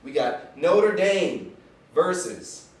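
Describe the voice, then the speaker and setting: A man's voice: on the high side, animated, extremely slow. A young man hosting a casual sports picks show, hyped, slangy and joking, recorded from a distance in a room. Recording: echoey room, mic far off.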